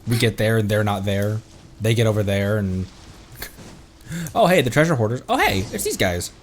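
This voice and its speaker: A man's voice: fairly low pitch, sing-song, moderate pace, slight background noise. A man streaming a game, chatting casually as he plays, rambling, stumbling over words and giggling. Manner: rambling, self-correcting, giggly. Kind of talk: casual gameplay commentary.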